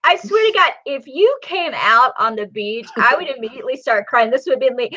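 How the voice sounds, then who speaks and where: A woman in her forties hosting a casual comedy podcast, crude and animated, with a dull lo-fi sound. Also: sits high, fairly quick. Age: 40s. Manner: loud, crude, animated storytelling. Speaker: podcast host.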